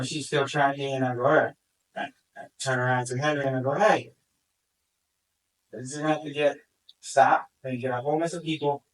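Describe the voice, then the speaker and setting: A man who handles a search dog tells the story at a community meeting, excitedly acting out what he said. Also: mid-range voice. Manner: excited, acts out his own quoted remarks. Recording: distant from the mic.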